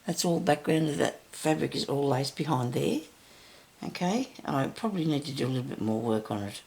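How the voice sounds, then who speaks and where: An older woman with a raspy, deep voice, chatting and rambling through a casual stitching tutorial as host. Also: animated, fairly quick, a little mellow. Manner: chatty, rambling, self-interrupting.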